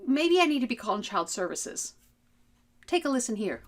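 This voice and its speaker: A woman working as a communication trainer gives an instructional talk, lively and melodic, acting out voices as she demonstrates. Her pitch sits on the high side and she keeps a moderate pace.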